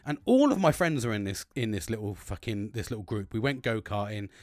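A British man spins a rambling, profanity-laced story, his pitch leaping all over the place. He keeps breaking into laughter at his own tale. The voice sounds close and dry, with no room sound. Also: animated, fairly quick, a little mellow, dry recording. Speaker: host recounting his dreams. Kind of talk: casual storytelling monologue.

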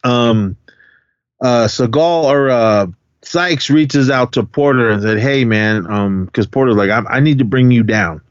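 A man's voice: medium pitch, a little slow, smooth, dry recording. Guy rambling through a movie recap, lots of ums, dull dry lo-fi sound. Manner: rambling retelling with many fillers and acted-out quotes. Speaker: podcast co-host. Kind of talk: casual film recap chat.

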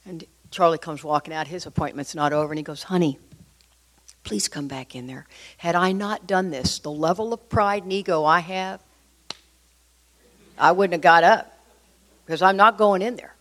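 A middle-aged woman telling a personal recovery story to an audience, in a lively, confiding way that speaks straight to her listeners. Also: lowish voice, normal speed.

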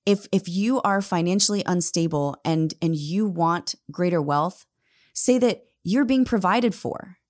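A woman in her thirties delivers a heartfelt motivational talk, calling her listeners "guys" as she speaks. Her voice sits on the lower side for a woman, and she leans hard on key words with earnest conviction. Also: measured pace, a little mellow.

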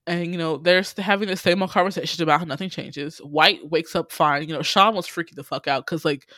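A man casually recapping a TV series on a podcast, telling the story in lively bursts, acting out the characters' lines and swearing freely, with lots of "you know". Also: fairly high pitch, no echo, clean studio sound. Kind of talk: casual chat.

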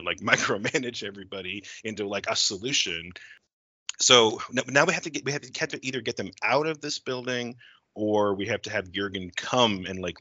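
A man talks through a horror plot in a loose, filler-heavy way, slipping into characters' lines as he goes. His voice sits on the low side with a bright edge. The recording is dry and somewhat dull. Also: dry recording. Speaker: co-writer planning a horror story. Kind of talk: casual brainstorming chat.

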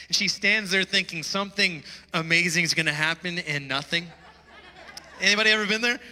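A man's voice: a little high, bright, forceful tone, long reverb tail, low-quality recording. A man preaching a sermon in a church, telling a story and calling his listeners with emphatic, rising appeals to wake up. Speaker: pastor. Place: church hall.

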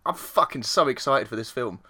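Animated bright guy on a podcast, sweary, laughs a lot. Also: mid-range voice, fairly quick, husky. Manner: lively, sweary, laughs often. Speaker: podcast co-host. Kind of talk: casual chat.

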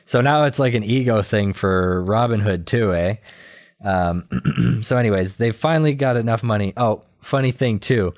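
A man in casual chat, retelling a cartoon episode in a rambling, animated way with quick quoted voices and laughter. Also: lowish voice. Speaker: podcast co-host recapping a cartoon episode.

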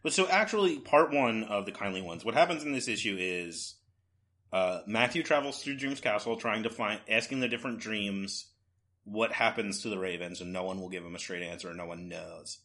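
A man's voice: on the low side, brisk, sharp tone. A man co-hosting a casual podcast chat about comics, loose and conversational with many fillers. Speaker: podcast co-host. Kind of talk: casual comic book discussion.

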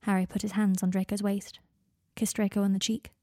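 A woman calmly reading a romance story aloud as its narrator. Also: mid-range voice, fairly quick, no echo, clean studio sound. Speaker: fan fiction reader.

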